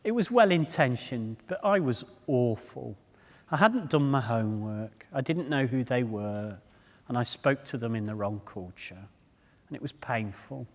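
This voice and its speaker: Man, public speaker, animated self-deprecating storyteller, long hall reverb. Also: medium pitch, measured pace. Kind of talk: humorous storytelling talk. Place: large hall before a live audience.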